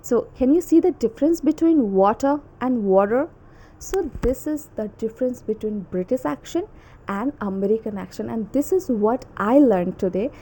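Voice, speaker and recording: A woman's voice: on the high side, expressive, moderate pace, warm tone, slightly rough. A young woman hosting her own English learning channel, chatting casually and a little nervously, often adding "okay?" and "like". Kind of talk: casual self-made pronunciation lesson.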